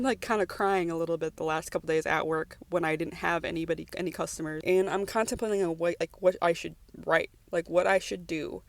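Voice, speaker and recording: Gravelly-voiced young woman rambling emotionally. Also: lowish voice. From United States. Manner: rambling, emotional, many restarts and "like"s. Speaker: vlogger. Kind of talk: personal voice-over podcast.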